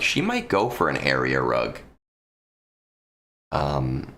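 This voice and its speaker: A man's voice: rumbling low, huge pitch swings, slow pace, pauses often, sharp tone. A man streaming live, chatting casually with viewers from a room at home into a close microphone, rambling and swearing with many restarts and ums, with a lingering cough after an illness.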